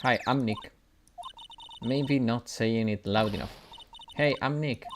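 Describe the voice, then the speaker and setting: A man's voice: mid-range voice, slow, over music. A man voicing a flustered young male defense lawyer while reading the game lines aloud.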